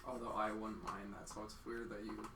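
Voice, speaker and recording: Gravelly-voiced easygoing podcast guest. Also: medium pitch, level tone, fairly quick, heavy background noise. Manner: easygoing, rambling, hesitant fillers. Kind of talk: casual podcast chat.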